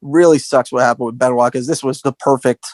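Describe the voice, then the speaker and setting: A man co-hosting a podcast, recapping wrestling history in animated casual chat and acting out quotes in a raised voice. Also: medium pitch, a little fast, dry recording. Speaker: podcast co-host.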